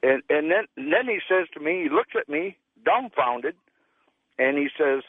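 A man's voice: fairly high pitch, normal speed, no echo. A male caller, telling a personal story in a plain, folksy way. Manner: plain folksy storytelling, acts out quoted voices. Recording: tinny phone line.

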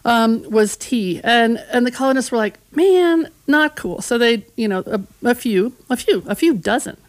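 A woman's voice: a little high, moderate pace, no echo. A woman historian as a radio guest, explaining history casually and acting out voices from the past. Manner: conversational storytelling, acts out voices of history.

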